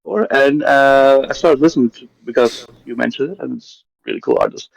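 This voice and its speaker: A just-woken man with a gravelly, croaky voice asks his questions in a friendly, hesitant way. His voice sits close and dry, with no room around it. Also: medium pitch, fairly quick, no echo, low-quality recording. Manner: friendly, hesitant, laughs often. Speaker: fan asking questions. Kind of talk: casual chat.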